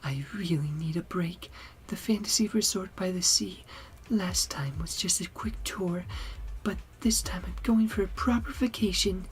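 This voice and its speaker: A man voicing a frail, devoted young woman who is lovesick and overworked, in breathy whispered role-play. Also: high-pitched, normal speed, few pauses, pitched above the performer's own voice, close to an everyday voice, rough recording.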